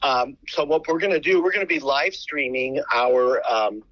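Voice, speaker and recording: A charity founder with an American accent, telling animated stories with many restarts in a radio interview. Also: male voice, mid-range voice, moderate pace, no room sound, lo-fi sound.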